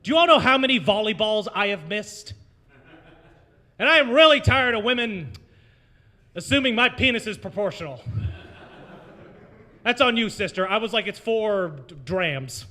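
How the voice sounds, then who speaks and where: A man's voice: high voice, expressive, moderate pace, pauses often, pushed and bright. A young American man hosting an open mic in a brewery, doing a rambling, self-mocking stand-up set and working the crowd. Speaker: open mic host and comedian. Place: brewery taproom.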